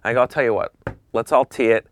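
A man casually telling a long, animated story on a podcast, dropping into whispers for asides. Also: mid-range voice, quick pace, slight background noise.

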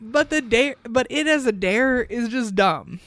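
A woman's voice: on the high side, expressive, a little slow, a bit bright, no echo. A woman co-hosting a podcast, recapping a reality show in casual chat, sardonic and chatty with frequent laughs and ums. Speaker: podcast co-host.

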